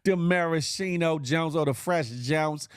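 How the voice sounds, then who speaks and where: A man's voice: a little high, a little slow, clear, resonant tone, lightly acted. A man impersonating a cocky young rapper who guards his girlfriend, speaking in brash street slang.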